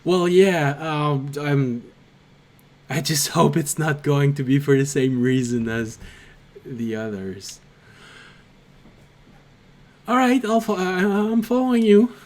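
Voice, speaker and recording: A man's voice: on the high side, lively intonation, takes it slowly, long pauses, darkish tone. A man voicing a small, nervous, frail male kobold who stammers and apologizes a lot.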